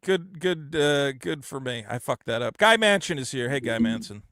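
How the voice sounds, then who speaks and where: A man hosting a call-in show, rambling and swearing, acting out quotes in high voices. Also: animated, normal speed, a bit bright, no echo, studio quality. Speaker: host. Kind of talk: casual call-in show banter.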